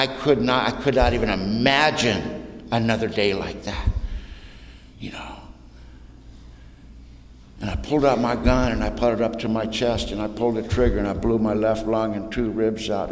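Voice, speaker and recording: A man's voice: on the low side, fairly even intonation, moderate pace. Man in his 60s, plainspoken storyteller in a big echoing hall. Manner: plainspoken, humorous storytelling with slang. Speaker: recovery meeting speaker. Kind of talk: personal story told to an audience. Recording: roomy hall reverb, faint noise.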